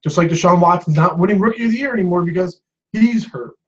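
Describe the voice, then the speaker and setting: A man with a fairly high voice rants in an upset sports vlog, swearing and circling back over the same points. The recording sounds dull and lo-fi. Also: fast. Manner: agitated, swearing, repeats himself. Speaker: sports fan vlogger.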